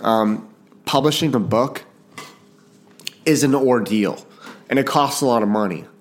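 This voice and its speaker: A man's voice: medium pitch, measured pace. A man from Canada hosting his own podcast in a casual solo chat, rambling and self-deprecating, often restarting his sentences and apologizing. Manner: apologetic, jokey. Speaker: podcast host and author.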